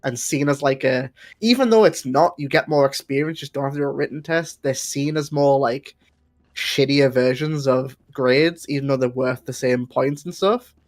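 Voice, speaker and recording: A man's voice: medium pitch, moderate pace. A man with a northern English accent chats casually as co-host. He is blunt and swears freely. His voice sits in the middle range for a man. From northern England. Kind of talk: casual chat.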